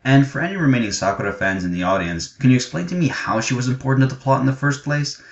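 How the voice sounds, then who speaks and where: A man giving a casual, excitable and profane review of an anime chapter, gushing about his favorites, in a muffled, echoey recording. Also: mid-range voice, fast. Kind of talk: casual enthusiastic review vlog.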